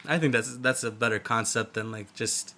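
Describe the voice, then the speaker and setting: A man's voice: mid-range voice, steady tone, normal speed, sharp tone, slight background noise. A young man co-hosting a casual podcast, rambling loosely and swearing freely. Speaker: podcast co-host. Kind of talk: casual chat.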